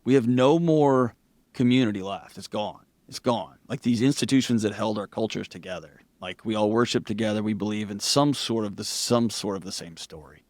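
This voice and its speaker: A middle-aged man with a Southern US accent, a podcast guest telling stories with animated bursts and laughter. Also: on the low side, dry recording. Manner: animated storyteller, quick bursts, laughs through anecdotes. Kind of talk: candid conversational interview.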